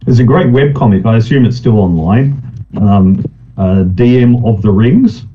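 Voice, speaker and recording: A man's voice: medium pitch, moderate pace, highs cut off. A man hosting a casual live chat show, retelling funny scenes in a rambling way and laughing often. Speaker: podcast host.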